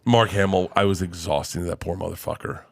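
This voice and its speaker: Animated storytelling male comedian. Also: low-pitched, brisk, vocal fry. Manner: animated, laughing, swearing freely. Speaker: guest comedian. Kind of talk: casual storytelling. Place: studio.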